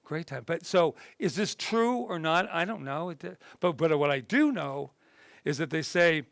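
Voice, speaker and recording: A man, a reverend, teaching a spiritual class in a relaxed, conversational way, often rambling and acting out little voices from his stories. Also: on the high side, unhurried, gravelly, no room sound, studio quality. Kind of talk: casual spoken talk.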